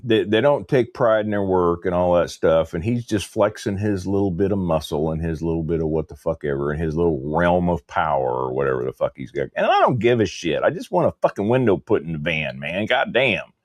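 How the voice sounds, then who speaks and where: A low-voiced man hosting a casual show, swearing freely as he rants through a story. The sound is dry and close, with no room around him. He talks with steady, worked-up frustration. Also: brisk, few pauses, no echo. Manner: profane, heated ranting storyteller. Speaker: show host. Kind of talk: casual livestream chat.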